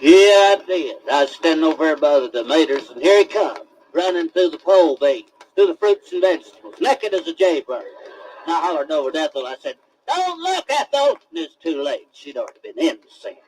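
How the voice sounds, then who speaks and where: A man voicing an excitable country eyewitness who drawls and hollers his story over a record's music. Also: on the high side, a little fast, a little hiss or hum, rough recording. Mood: excited.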